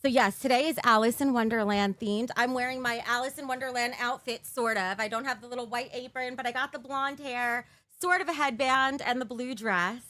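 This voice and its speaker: High-voiced chatty woman streamer. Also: steady tone, brisk, sharp tone, dry recording. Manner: chatty and giggly, talking to viewers in the chat. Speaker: live streamer. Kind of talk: casual live-stream chat. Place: her bedroom streaming room, indoors. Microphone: desk mic for streaming.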